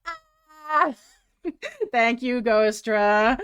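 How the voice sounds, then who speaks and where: High-voiced chatty woman streamer. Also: lively intonation, drawn-out words, fairly bright tone, clean tone, muffled recording. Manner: chatty, self-mocking, casual swearing. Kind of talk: casual livestream chat.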